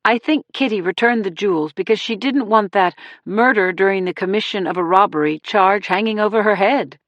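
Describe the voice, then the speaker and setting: Casting: female audiobook narrator, mid pitch, dry close-mic sound, dramatic measured delivery. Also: no echo, highs cut off. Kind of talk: first-person audiobook narration.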